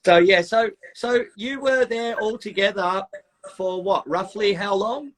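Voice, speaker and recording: An Australian man hosting a casual interview, relaxed and reminiscing, with lots of yeps. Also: sits high, measured pace, rough recording. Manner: relaxed, frequent yep and like, reminiscing. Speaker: podcast host.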